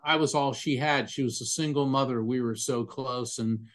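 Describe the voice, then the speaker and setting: A man's voice: mid-range voice, fairly even intonation, normal speed. A man who works as a psychic medium and was once an attorney, telling stories earnestly and emphatically in a conversational interview. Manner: earnest, emphatic, describes sensations vividly.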